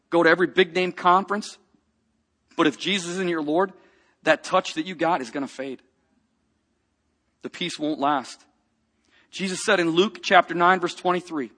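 A man preaching a sermon, telling a personal story with animated swings between hushed and loud delivery. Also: a little high, normal speed, long pauses.

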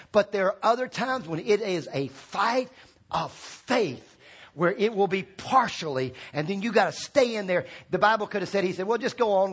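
A pastor with a high, husky voice rallies his congregation with call-and-response prompts as he preaches. His delivery swings between shouted peaks and quiet drops.

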